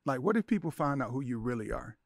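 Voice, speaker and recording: A man's voice: medium pitch, expressive, quick pace, gravelly, no room sound, studio quality. A middle-aged man, a podcast guest, telling an emotional personal story with intensity, acting out the voices in his head. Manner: intense, acts out inner voices and quotes.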